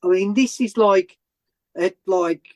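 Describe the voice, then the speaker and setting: A man's voice: high voice, slow. A man, a guest on a podcast, telling a story in a casual, rambling way, with many restarts and fillers. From England. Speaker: interview guest.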